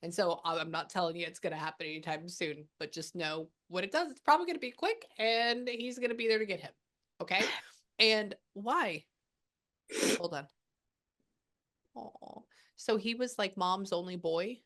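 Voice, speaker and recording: A woman working as a medium, passing on a spirit's messages in a casual, chatty way with many pauses. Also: mid-range voice, fairly bright tone. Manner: relays a spirit's words with quick asides and pauses. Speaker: psychic medium. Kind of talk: spirit reading session.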